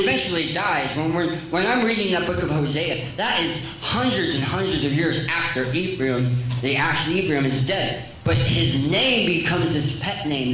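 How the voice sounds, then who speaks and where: A man's voice: fairly high pitch, pushed and bright, slight background noise. A man preaching a jokey live sermon, quizzing his congregation in a large church hall. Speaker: pastor. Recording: very echoey church hall, faint ambience.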